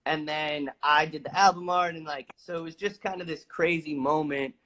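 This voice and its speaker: Guy telling a crazy story, kinda high voice, swears a lot, gets loud doing the quotes. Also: moderate pace, low-quality recording. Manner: animated, swears freely, acts out quotes loudly. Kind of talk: casual storytelling.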